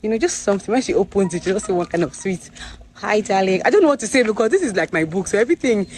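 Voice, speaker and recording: A young Nigerian woman with a Nigerian accent, chatting excitedly in a casual vlog to a phone camera, with pidgin-tinged phrasing. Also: mid-range voice, rapid-fire, a little hiss or hum. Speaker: vlogger and author. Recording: echoey room with faint background ambience.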